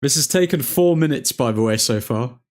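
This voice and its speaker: A man hosting a live football watchalong, reacting to each chance with loud excitement and grumbling at the referee. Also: medium pitch, normal speed. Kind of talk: live match commentary.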